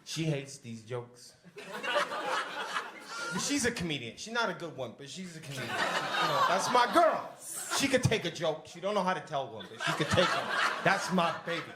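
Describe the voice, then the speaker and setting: In an echoey basement club full of audience laughter, a young comic does crowd work with a loose, rambling, profane style. His high voice swings widely in pitch at a moderate pace, and the audio is very noisy.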